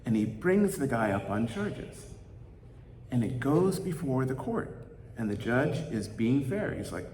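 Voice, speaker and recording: Halting male pastor telling a story. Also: medium pitch, animated, a little mellow, reverberant, long reverb tail, slight background noise. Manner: halting, many ums and uhs. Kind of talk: sermon storytelling.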